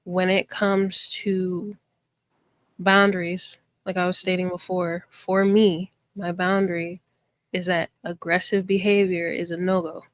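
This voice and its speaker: A woman's voice: fairly low pitch, flat delivery, unhurried, no echo. A woman in a casual podcast debate, firmly laying out her points one by one. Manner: firm, lays out her points step by step.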